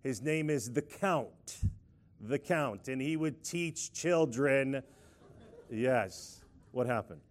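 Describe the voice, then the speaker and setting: A middle-aged man preaching a lively sermon, playfully leading the congregation in call-and-response and prayer. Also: mid-range voice, slow pace.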